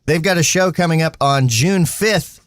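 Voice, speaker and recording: A man's voice: a little high, moderate pace, dry recording, studio quality. A man co-hosting a casual livestream chat, joking, laughing and reading viewer comments aloud. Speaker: co-host.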